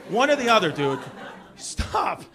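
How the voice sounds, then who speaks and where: Man, New York accent, stand-up comedian, high-pitched, rowdy crowd-work delivery, live club recording with loud audience noise. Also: expressive, fairly quick. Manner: loud, rowdy storytelling that jumps into shouted impressions. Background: crowd laughter.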